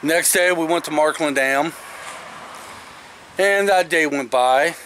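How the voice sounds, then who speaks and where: A man's voice: fairly high pitch, slow, fairly bright tone, slight background noise. A middle-aged man vlogging, telling a story casually and emphatically, swearing now and then.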